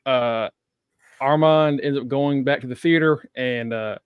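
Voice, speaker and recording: A man's voice: mid-range voice, a little slow, clear, resonant tone, dry recording, narrow, tinny audio. Laughing man in casual chat. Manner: swears and laughs often. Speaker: podcast host.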